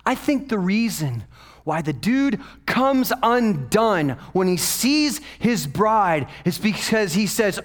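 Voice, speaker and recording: A male pastor preaching a sermon, swinging from loud, emphatic peaks to hushed whispers. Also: high-pitched, very animated, slow.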